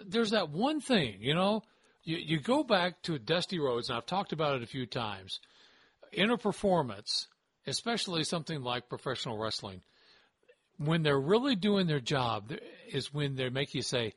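Male podcast host; animated, slightly high, dry close recording. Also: normal speed, husky. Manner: lively, joking, stammers now and then. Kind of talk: casual chat.

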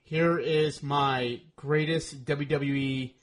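A man with a slightly high voice speaks to his radio audience. His manner is loose and thankful as he signs off. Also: fairly even intonation, slow. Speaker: radio host. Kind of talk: casual radio talk.

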